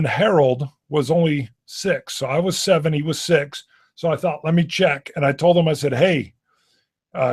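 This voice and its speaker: A man co-hosting a casual live-stream whisky chat, joking and telling animated stories. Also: fairly high pitch, breathy edge. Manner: animated, jokey storyteller. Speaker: whisky show co-host.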